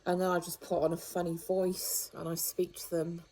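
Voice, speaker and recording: A retired woman chatting away to her camera, wry and rambling, with a fairly low, mellow voice. Her tone is relaxed and warm rather than bright. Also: normal speed, poor audio. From United Kingdom. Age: older. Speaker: vlogger. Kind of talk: casual monologue.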